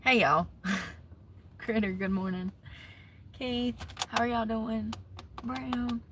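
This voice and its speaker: Woman, high voice, bright and sharp tone, casual live-stream chat, laughs a lot, parked truck, phone mic, faint outside noise. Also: fairly even intonation, drawn-out words. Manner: chatty, laughs often, greets viewers by name. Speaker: vlogger live-streaming to viewers.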